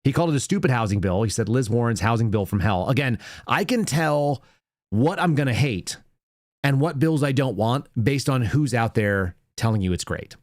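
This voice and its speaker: A man's voice: mid-range voice, expressive, normal speed, no room sound, clean studio sound. A man hosting a political commentary show, sarcastic and mocking as he reacts to news clips. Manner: sarcastic, mocking, puts on silly voices. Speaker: podcast host.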